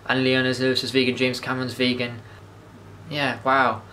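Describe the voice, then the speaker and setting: A man's voice: mid-range voice, level tone, normal speed, pushed and bright, a little hiss or hum. A man, rambling enthusiastically through a casual movie review monologue, with frequent restarts and swearing. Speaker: vlogger.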